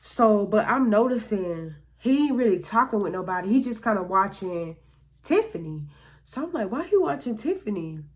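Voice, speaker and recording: A woman's voice: mid-range voice, animated, moderate pace. A woman telling a personal story in a casual, slangy way, often acting out what other people said. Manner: slangy, conversational, acts out quoted voices. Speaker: storytime vlogger.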